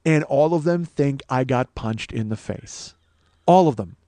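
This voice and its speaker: A man's voice: mid-range voice, animated, a little slow, warm tone, no echo. Man in his 40s, comedian host, casual monologue, profane, acts out quotes, dry sound.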